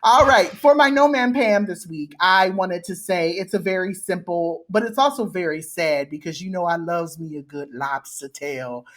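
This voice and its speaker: A woman co-hosting a podcast in casual chat, animated and playful. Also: lowish voice, normal speed, hardly any pauses. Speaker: podcast co-host.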